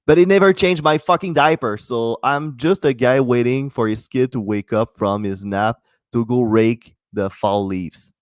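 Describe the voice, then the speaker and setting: A man's voice: medium pitch, normal speed, dry recording. Man, Quebec French accent, podcast host, rambling, profane, self-mocking, dry close sound. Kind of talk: casual profane chat.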